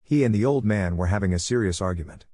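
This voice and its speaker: A man voicing a calm young ninja teacher who speaks plainly, in a storybook reading. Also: on the low side, fast talker, dry recording, clean studio sound, lightly acted.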